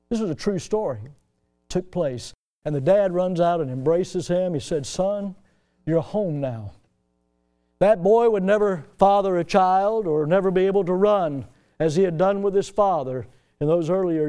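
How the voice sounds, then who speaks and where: A man preaching a sermon with emotional, emphatic delivery that swings widely in pitch and loudness. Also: clear, resonant tone.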